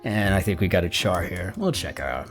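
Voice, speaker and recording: A man's voice: low-pitched, animated, normal speed. A middle-aged man solving a crossword aloud as host, chatty and rambling, muttering the clues half to himself. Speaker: crossword solver and channel host. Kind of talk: casual think-aloud puzzle solving. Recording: soft guitar music underneath.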